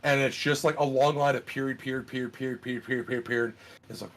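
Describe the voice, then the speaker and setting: A man in a casual podcast chat, retelling a plot in an animated, profane way, with many fillers. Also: medium pitch, fast talker.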